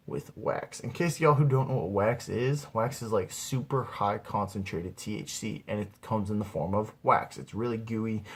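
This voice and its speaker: A young adult man, an amateur comedian, rambles through a stand-up story about himself, saying "dude" over and over. His voice is on the low side with a breathy edge.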